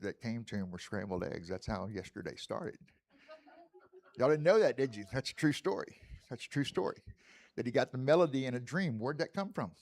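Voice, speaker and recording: A middle-aged man with a drawl gives a relaxed, conversational sermon. He speaks at a mid pitch and keeps turning to the congregation with folksy questions. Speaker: licensed spiritual teacher giving the talk.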